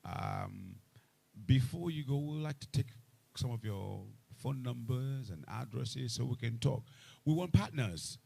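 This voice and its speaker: A man moderating a live panel, emphatic and repetitive, growing loud and animated, speaking into a microphone. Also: mid-range voice, measured pace, vocal fry, husky. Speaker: event moderator. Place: event hall with a microphone. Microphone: handheld event microphone.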